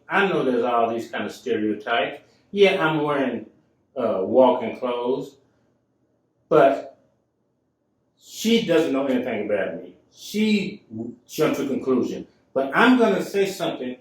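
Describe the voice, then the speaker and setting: A man hosting his own talk show, telling a story casually with emphatic turns. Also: medium pitch. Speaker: show host. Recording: echoey room, mic at a distance.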